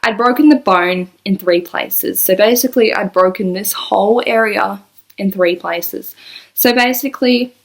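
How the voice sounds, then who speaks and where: A woman's voice: medium pitch, unhurried. A woman, rambling and apologetic as she tells an emotional personal story into her laptop. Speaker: vlogger. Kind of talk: personal confessional vlog.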